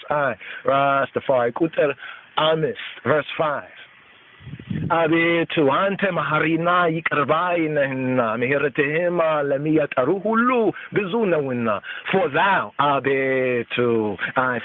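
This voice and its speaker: A man slowly teaching a psalm on a call-in podcast, reading each verse aloud and then repeating and explaining it word by word. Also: fairly high pitch. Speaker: podcast host teaching scripture. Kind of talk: slow devotional scripture teaching. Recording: tinny phone-line call-in audio.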